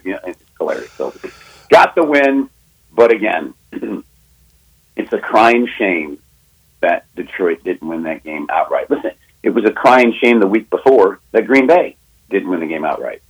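A man with a slightly low, husky voice talks into a studio mic on a sports radio show. He tells a betting story fast and with emphasis, and acts out both sides of a phone call. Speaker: sports betting analyst guest.

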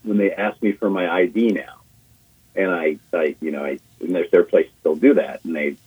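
A man in his sixties, a guest on sports radio, telling an animated story and acting out quotes, repeating himself as he goes. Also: deep voice, moderate pace, slightly rough. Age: 60s. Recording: phone-line call on radio.

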